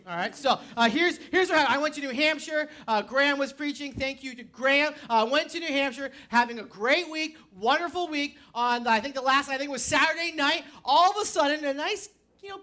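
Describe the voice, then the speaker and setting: A woman pastor preaching a sermon, telling stories with animated energy and rising to shouts. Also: high-pitched.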